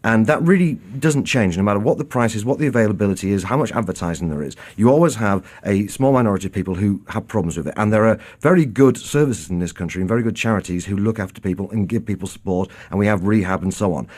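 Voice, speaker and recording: Male radio pundit, quick-fire and scornful, slightly low voice. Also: expressive, darkish tone. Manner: combative, scornful, emphatic. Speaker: think-tank guest. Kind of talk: radio debate.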